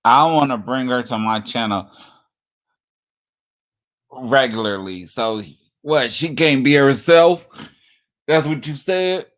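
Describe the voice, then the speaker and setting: A man giving sarcastic, taunting reaction commentary on a livestream clip. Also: medium pitch. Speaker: stream commentator.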